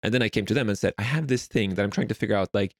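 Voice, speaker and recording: A man's voice: on the low side, rapid-fire, no echo, studio quality. A young Swedish man telling stories in a casual interview, rambling with lots of fillers. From Sweden. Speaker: guest.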